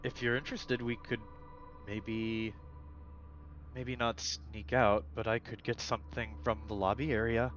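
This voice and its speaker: A man's voice: medium pitch, flat delivery, a little slow, dull audio, faint music behind, close to an everyday voice. A man voicing a large, nervous, smitten male private military guard who stammers and hesitates. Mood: eager. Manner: stammering, hesitant, soft-spoken.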